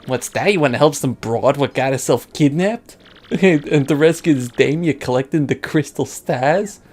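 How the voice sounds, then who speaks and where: A woman doing a gruff male mob boss, low voice, tough-guy slang, slow menacing drawl, video game. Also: a little mellow.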